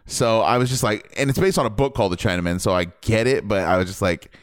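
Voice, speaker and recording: A man on a casual podcast, giving an animated, opinionated spoiler review of a movie. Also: on the low side, quick pace, dry recording, studio quality. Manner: animated, opinionated, jumps between points. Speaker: podcast host reviewing a film.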